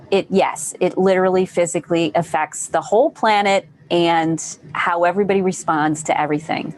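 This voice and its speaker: A woman's voice: lowish voice, slight background noise. A woman hosting a live online group session, talking casually and encouragingly, repeating phrases for emphasis. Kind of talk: casual live-stream talk.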